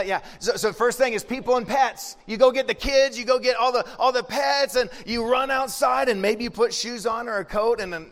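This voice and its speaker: A man's voice: sits high, a bit bright, in a large hall. A man pastor giving a conversational, joking sermon.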